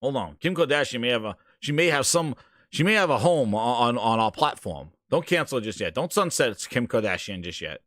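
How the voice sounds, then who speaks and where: Guy doing a low fretful exec voice, pleading hold on hold on, dry sound. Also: big pitch swings, fairly quick, a bit bright, no room sound.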